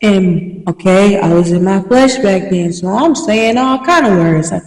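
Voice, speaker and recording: A young woman tells a story with animated, slangy energy, like a podcast host catching up with her listeners. Her voice comes from a little way off the mic. It rings around a roomy space with a long tail of reverb. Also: medium pitch, unhurried. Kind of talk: casual storytelling. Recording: echoey room, mic at a distance.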